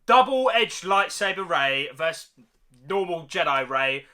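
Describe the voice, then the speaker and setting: A young man gives a casual, excited film review in a slightly high, unhurried voice. His speech is full of slang, and he keeps ending sentences with "mate" and "man."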